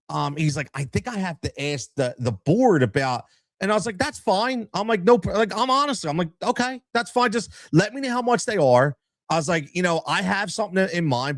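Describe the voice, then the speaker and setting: A man's voice: fairly high pitch, no room sound. A man telling a story about a dispute as a youth soccer coach, getting heated, repeating himself, and acting out both sides of the talk. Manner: heated, repeats himself, acts out quoted dialogue. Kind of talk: casual storytelling, podcast interview.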